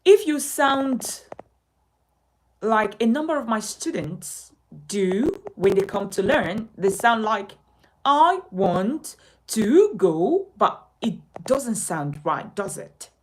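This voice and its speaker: A woman teaching a speech lesson, emphatic, her pitch rising and falling widely. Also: animated, takes it slowly, a little hiss or hum, rough recording. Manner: emphatic, sweeping rises and falls in pitch. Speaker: speech coach. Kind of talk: spoken lesson to camera.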